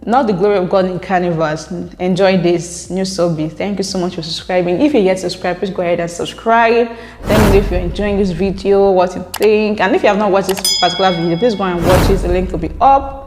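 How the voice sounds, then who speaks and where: A chatty woman vlogger talks casually to her camera about viewer comments, and her speech is full of filler words. Her voice sits at a middling pitch. The room is echoey, with a long reverb trailing after her words. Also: fast talker, darkish tone, slight background noise.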